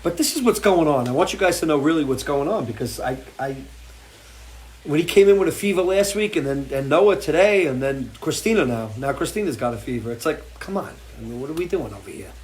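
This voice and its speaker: A man's voice: on the high side, lively intonation, fairly quick. A man hosting a live music show, talking off the cuff in an impassioned, swearing rant full of restarts. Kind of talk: off-the-cuff livestream talk. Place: home porch.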